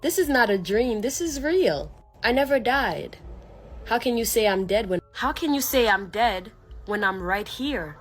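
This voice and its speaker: A woman voicing a loving, middle-aged ghost mother who talks softly, reassuring and pleading with her child. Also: on the high side, lively intonation, measured pace, soft background music. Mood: insistent.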